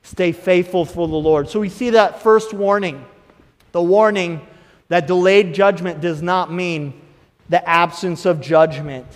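Man, pastor, sermon, high-pitched voice, long echoing reverb, emphatic preaching. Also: measured pace. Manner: preaching with rising emphatic bursts and acted inner voices.

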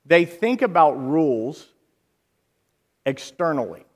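A man preaching a sermon in an animated way, acting out quoted voices and rising to loud bursts. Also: fairly high pitch, takes it slowly, husky, long reverb tail.

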